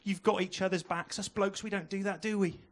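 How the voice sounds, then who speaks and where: Holding a handheld mic, a young man performs stand-up in a club, bantering with the audience and slipping in fast asides. He speaks high with fairly even intonation.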